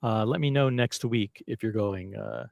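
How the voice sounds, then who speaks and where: A man's voice: fairly low pitch, normal speed, creaky, darkish tone, no room sound, clean studio sound. A man hosting a casual live stream, rambling and self-deprecating as he chats with viewers. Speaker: livestream host.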